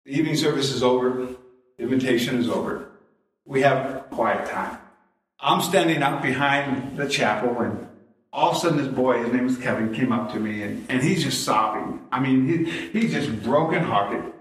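Folksy preacher in an echoey church. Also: male voice, medium pitch, normal speed, recorded from a distance. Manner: folksy storytelling, chuckles at own jokes. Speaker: pastor. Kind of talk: sermon. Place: church sanctuary. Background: congregation responses.

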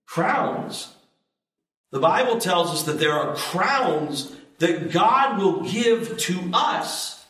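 A male pastor preaches in a relaxed, talky way, then pushes his fairly high voice up on the key lines. He stands back from the mic in an echoey hall, so the sound comes from a distance. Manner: conversational preaching, rises loud and high on emphasis. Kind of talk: sermon.

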